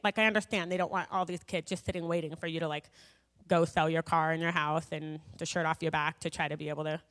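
A woman's voice: on the low side, fairly bright tone. A woman sharing a personal faith story with a gathering in a chatty way, full of fillers and asides. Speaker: speaker sharing a personal testimony. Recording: long hall reverb.

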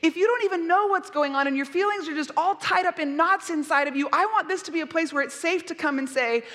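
A middle-aged woman pastor preaching a sermon, gentle and earnest, soothing at times. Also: extremely high pitch, quick pace. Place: church. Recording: long reverb of a church hall.

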